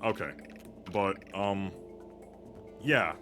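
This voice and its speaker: Young male streamer, low-pitched and rambling, loose filler-heavy commentary, game music playing underneath. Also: expressive, extremely slow, a bit bright. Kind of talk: casual gameplay commentary.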